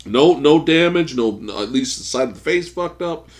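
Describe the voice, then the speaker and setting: Animated, swearing man on a podcast. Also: fairly high pitch, normal speed. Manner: profane, animated storyteller, laughs often. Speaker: podcast co-host. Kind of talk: casual chat.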